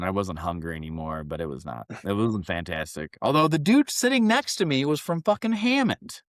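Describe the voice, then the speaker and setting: A young man from Northwest Indiana with a low voice tells a rambling, profane story, slipping into voices for the people he quotes. The sound is dry and close, with no room around it. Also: no echo. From Northwest Indiana, Chicago area. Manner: profane, rambling, animated when acting out quotes. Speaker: podcast co-host. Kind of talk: casual podcast chat, storytelling.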